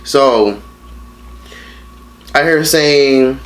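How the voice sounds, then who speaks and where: A man's voice: mid-range voice, drawn-out words. A man in his late teens telling a story in a casual mukbang vlog, blunt and profane, rambling with lots of fillers. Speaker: vlogger.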